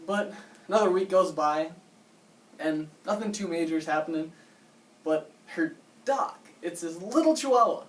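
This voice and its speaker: A young man tells a joke story to a handful of listeners, stumbling and repeating himself as he goes. He sits back from the microphone, so he sounds distant. The room around him is roomy and echoing. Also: sits high. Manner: halting, repeats words, laughs at own lines. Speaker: amateur comedian. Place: room with a small audience.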